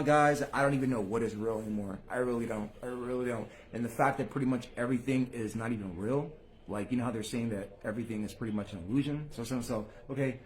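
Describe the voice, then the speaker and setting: A man hosting his own channel, talking casually to viewers in street slang. He swears freely and swings between low mutters and loud bursts. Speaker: channel host.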